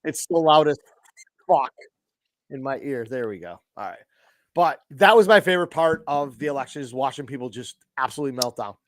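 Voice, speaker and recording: A man's voice: mid-range voice, lively intonation, brisk, fairly bright tone, no echo. A man co-hosting a casual podcast, loose and profane with plenty of fillers. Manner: loose, swearing, hesitant fillers. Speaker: podcast co-host.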